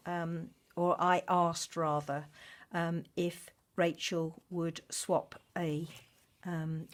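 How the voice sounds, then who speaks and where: Slow-spoken woman crafter. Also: medium pitch, a little hiss or hum. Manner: effusive and grateful, many fillers. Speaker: journaling vlogger. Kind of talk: casual craft vlog chat. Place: home craft room.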